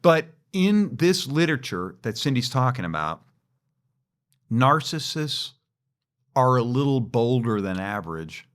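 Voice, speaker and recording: A man co-hosting a podcast, telling a personal story in a lively, animated way. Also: medium pitch, measured pace. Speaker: podcast co-host. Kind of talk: storytelling in casual chat.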